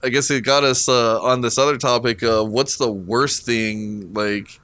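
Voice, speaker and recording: A man's voice: medium pitch, fairly even intonation, measured pace, fairly bright tone, dry recording. A man telling profane, laughing stories in a casual podcast chat. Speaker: podcast co-host.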